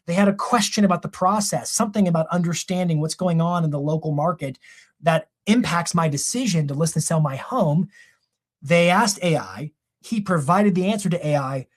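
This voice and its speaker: A man giving a live real estate marketing training, energetic and conversational, often correcting himself mid-sentence. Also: a little high, normal speed.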